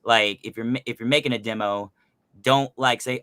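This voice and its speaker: This man has a bright, forceful voice and a very dry, close sound. He talks in an animated, casual way, full of fillers, as a voice actor explaining how to build characters. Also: medium pitch, normal speed, clean tone, no room sound. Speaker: voice actor guest. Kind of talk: casual podcast chat.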